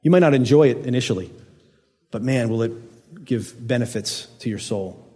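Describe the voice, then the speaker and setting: A middle-aged man preaching a sermon, earnest, rising for emphasis and dropping to hushed low lines. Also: normal speed, breathy edge, in a large hall. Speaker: pastor.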